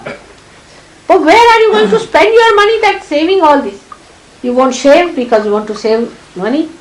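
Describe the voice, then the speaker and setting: A woman's voice: fairly high pitch, poor audio. A woman with an Indian accent giving a sermon to her followers in a scolding, exasperated manner, her tone swinging widely. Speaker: spiritual teacher. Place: hall. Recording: archival 1983 talk with faint background noise.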